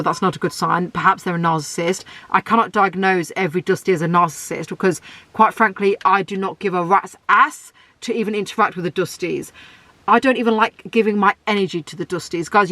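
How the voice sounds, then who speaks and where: Blunt young woman with a deep voice. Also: a bit bright, dry recording. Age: 20s. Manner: blunt, outspoken, ranting. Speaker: podcast host. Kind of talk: solo podcast monologue.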